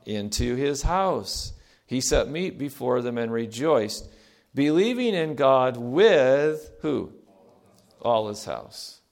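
A middle-aged preacher delivers a call-and-response sermon slowly, with a medium-pitched, sing-song voice and vocal fry. He is earnest and emphatic, repeating key phrases, having the congregation fill in words, and swinging between loud and soft.

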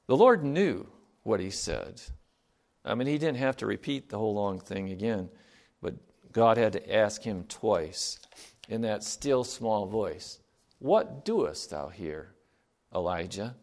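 A man's voice: fairly low pitch, animated, measured pace, vocal fry, a little mellow. A man giving a sermon in a conversational way, reading scripture aloud and asking his listeners rhetorical questions. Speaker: preacher.

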